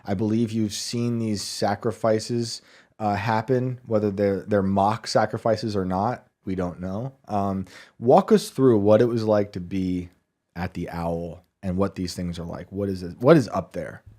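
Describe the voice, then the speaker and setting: Low, mellow-voiced male podcast host. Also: fairly even intonation. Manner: chatty, laughing, quick follow-up questions. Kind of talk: casual interview chat.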